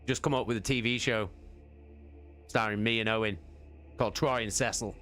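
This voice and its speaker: Over soft background music, a male streamer chats casually on a live stream, rambling, joking, and swearing a lot. His voice is fairly low and bright, with a steady tone and a moderate pace.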